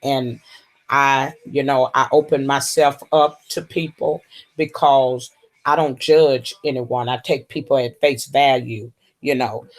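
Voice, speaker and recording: Slow drawling woman chatting on a livestream. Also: extremely low pitch, steady tone. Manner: slow, drawling, full of terms of endearment. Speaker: livestream host. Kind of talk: casual livestream chat with viewers.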